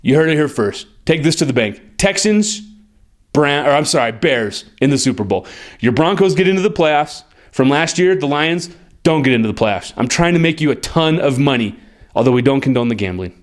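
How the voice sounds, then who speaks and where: A man giving football predictions as an analyst, excitable and sarcastic, with his voice jumping up when he gets worked up. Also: normal speed. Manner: jumps high in pitch when worked up. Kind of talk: sports predictions monologue.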